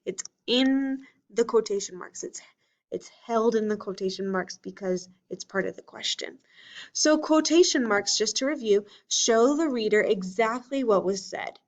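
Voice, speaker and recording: A woman's voice: a little high, a little slow. A woman teacher giving a recorded lesson for children, explaining patiently step by step and reading lines from books aloud with expression.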